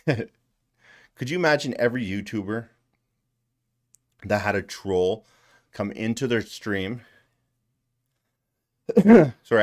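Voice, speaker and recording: A man hosting a casual livestream, ranting with lots of swearing and repeated phrases. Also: lowish voice. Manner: profane, ranting, repeats himself. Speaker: livestream host.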